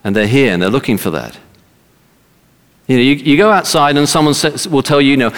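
A man's voice: mid-range voice, animated, normal speed, gravelly, long pauses, long reverb tail. A man preaching a sermon emphatically, repeating words for stress.

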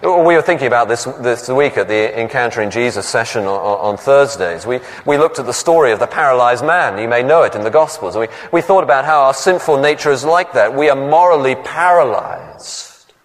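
A man's voice: mid-range voice, lively intonation, a little fast, big-room sound. A man preaching a sermon who tells stories and acts out the voices in them. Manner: storytelling, acts out voices in the anecdotes.

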